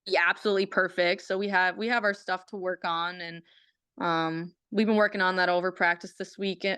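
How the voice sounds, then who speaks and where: A young woman with a smooth, clear voice and a lowish pitch talks in a laid-back, casual way. She often doubles up her words and leans on fillers as she chats as an interview guest. The sound is dry and close. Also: fairly even intonation, fairly quick, sharp tone, dry recording. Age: young adult. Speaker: college athlete guest.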